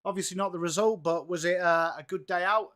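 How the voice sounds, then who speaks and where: A man from England runs a live football watchalong, making casual conversation and happily greeting viewers by name. His voice sits high and stays steady in tone, a little fast and fairly bright.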